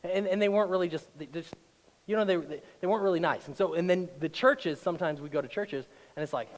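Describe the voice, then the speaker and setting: Male pastor, slightly high voice, casual preaching that builds to emphatic peaks, long church reverb. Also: fast talker. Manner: conversational preaching, rising to loud emphatic passages. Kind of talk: sermon. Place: church auditorium.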